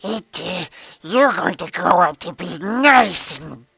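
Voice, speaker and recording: A man doing a slow gravelly snake-man. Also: high voice, expressive, pushed and bright, heavily acted. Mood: gloating croon. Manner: slow, crooning to its rocks. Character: snake-headed humanoid male creature, gloating, hissing.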